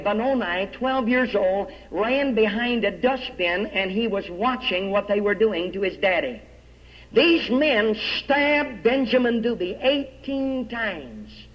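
High-voiced preacher in an echoing hall. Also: male voice. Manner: dramatic storytelling, drops low and soft on key words, quotes old-style scripture. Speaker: evangelist preacher. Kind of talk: revival sermon with storytelling. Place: large church hall. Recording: dull lo-fi recording with long hall reverb.

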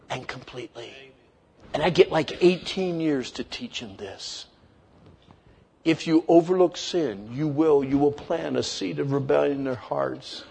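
A man in his fifties preaching a lively sermon, leading the congregation in call-and-response and acting out kids' complaints. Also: sits high, slightly rough. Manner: animated, playful, acts out kids' voices. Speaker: pastor.

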